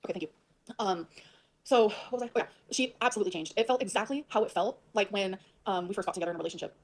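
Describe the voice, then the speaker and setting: Fast-talking woman venting on a livestream. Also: mid-range voice. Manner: fast, emphatic, swears often. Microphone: livestream mic.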